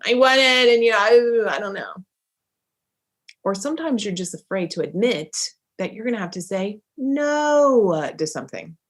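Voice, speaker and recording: A middle-aged life coach with a medium-pitched voice delivers an animated, emphatic motivational talk, frequently performing little snippets of dialogue.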